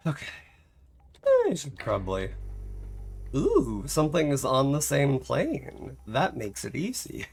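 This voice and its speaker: Slow-talking, gravelly streamer man. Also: mid-range voice, huge pitch swings, darkish tone. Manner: rambling, self-mocking, laughs often. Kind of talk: casual live game stream chat.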